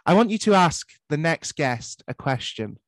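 A man hosting a podcast, asking his guest questions in a relaxed way. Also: on the high side, moderate pace. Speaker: podcast host. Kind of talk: interview.

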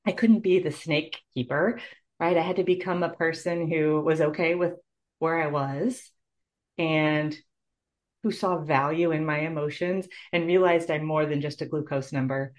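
A woman's voice: low-pitched, fairly even intonation, normal speed. A middle-aged woman, a nurse, telling her personal story in an interview in an earnest, heartfelt way. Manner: earnest, heartfelt, tearful at moments. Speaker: guest, nurse.

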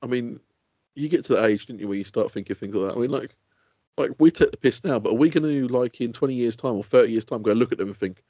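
Man, podcast co-host, animated and swearing, husky voice, dry lo-fi sound. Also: mid-range voice, fast talker, no room sound. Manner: animated, laughing, swearing freely. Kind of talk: casual chat. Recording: dull lo-fi sound.

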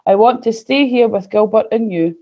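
A woman's voice: on the high side, normal speed, lo-fi sound. A woman voicing a demanding little girl princess in a read-aloud storybook, with a plaintive, wailing delivery. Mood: whiny.

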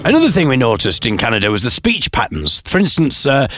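A man's voice: mid-range voice, very animated, fast talker, few pauses, fairly bright tone, no echo, faint music behind. A playful man tells comic stories, his voice swooping up and down a lot. The sound is dry and close to the mic. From northeast England. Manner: playful, mock-grand. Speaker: podcast host and singer. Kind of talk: comic storytelling.

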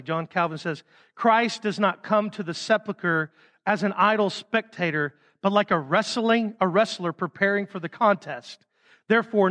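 A man preaching a sermon as pastor, with emphatic stresses that drop suddenly to a soft hush. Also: high-pitched. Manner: emphatic, swings from loud stresses to soft drops. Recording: reverberant hall.

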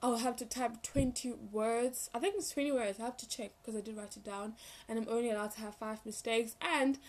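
A young woman chats to camera in a casual storytime vlog. Her voice sits a little high, and she rambles along with lots of fillers and self-corrections. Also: steady tone, a little fast, darkish tone. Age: young adult. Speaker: vlogger.

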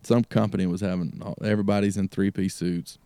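A country music artist, a man with a deep, level, warm and clean voice, tells a road story at a brisk clip as a guest in a casual chat, laughing often and doing the voices of the people involved. He's in an outdoor gazebo on a cold evening, and the recording is dry.

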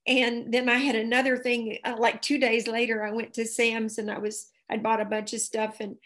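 A woman's voice: on the high side, normal speed. Earnest woman telling anecdotes. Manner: earnest, animated anecdotes with acted quotes. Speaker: guest. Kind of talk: casual storytelling.

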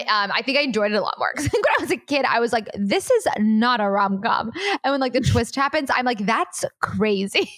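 A woman's voice: mid-range voice, a bit bright, dry recording, studio quality. A young woman co-hosting a casual chat podcast, giggly and gushing with lots of fillers. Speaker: podcast co-host.

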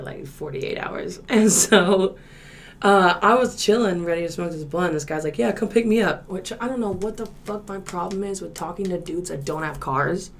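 A young woman, telling a story in casual podcast chat, laid-back and swearing, loud when she acts out quotes. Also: low voice, slight background noise. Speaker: podcast co-host.

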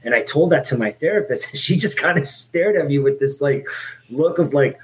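A man in his forties from Miami speaks in a relaxed, conversational way. His talk is candid and wandering, full of fillers and restarts, with casual swearing. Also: medium pitch, brisk, poor audio. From Miami, Florida. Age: 40s. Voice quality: lots of filler and restarts, "like" and "you know". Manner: candid, rambling, swears freely. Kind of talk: casual chat.

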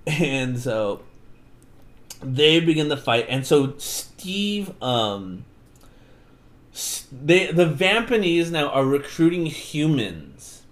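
Animated man recapping a story. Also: fairly high pitch, slow pace. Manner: animated, swearing, acts out quotes. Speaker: podcast host. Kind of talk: casual book recap chat.

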